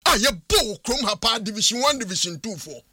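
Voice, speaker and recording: Man, Ghanaian accent, sports radio host, emphatic arguing, high voice, dry close sound. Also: sing-song, fast, sharp tone, husky, no echo. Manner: emphatic, argumentative opinion delivery. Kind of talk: radio sports talk in mixed Twi and English.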